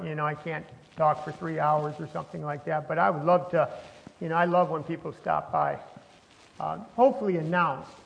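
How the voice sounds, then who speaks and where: Chewing gum as he preaches, a pastor in a church sanctuary gives a conversational sermon full of restarts and rising emphasis. He isn't wearing his lapel mic, so his high-pitched voice comes through with the highs cut off and a long hall reverb.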